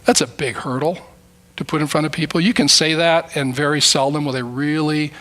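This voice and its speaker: Middle-aged male preacher, bright and slightly high voice, earnest, conversational sermon delivery. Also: steady tone, brisk. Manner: earnest, conversational preaching with acted prayers and quotes. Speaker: guest preacher.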